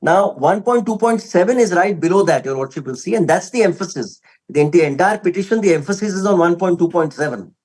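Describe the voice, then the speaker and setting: A man's voice: high-pitched, expressive, fast talker, a little mellow, slightly rough, low-quality recording. A man with an Indian English accent arguing a case before a court, deferential and emphatic, addressing the bench repeatedly. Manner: deferential, peppered with "my lord", emphatic. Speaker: advocate arguing for a respondent. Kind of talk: formal courtroom argument.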